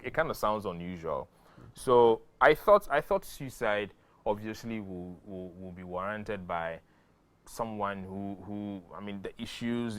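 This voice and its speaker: A man's voice: fairly low pitch, a bit bright. A man with a Ghanaian English accent hosting a talk show, asking probing questions with many restarts. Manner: probing, halting, restarts often.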